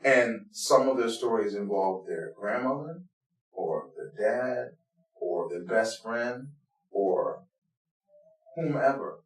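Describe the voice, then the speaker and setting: A man leading a blues band, telling personal stories in an interview in an earnest, heartfelt way, dropping to a hush and then rising loud. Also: fairly low pitch, animated, slow pace, pauses often. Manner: earnest, heartfelt, swings between hushed and loud. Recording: roomy, distant from the mic.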